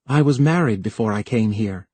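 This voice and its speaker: Brief: narrator doing a plain-spoken young male apprentice, husky, dry. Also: on the low side, expressive, normal speed, darkish tone, dry recording. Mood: earnest. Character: earnest young married man, new apprentice.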